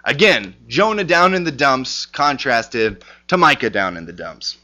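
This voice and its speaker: A man's voice: mid-range voice, lively intonation, a little slow, few pauses, sharp tone. A man teaching a casual Bible lesson, talking conversationally with lots of fillers and restarts.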